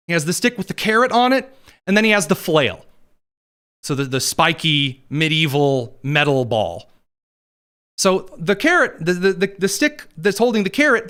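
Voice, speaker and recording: A man hosting a political commentary show, talking in an animated, opinionated monologue. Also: high voice. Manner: animated, does mocking voices for quotes.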